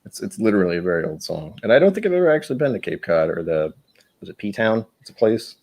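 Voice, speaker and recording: Low-voiced man rambling in casual chat. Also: sing-song, fast talker, darkish tone. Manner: rambling, searching for words. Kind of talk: casual chat on a live stream.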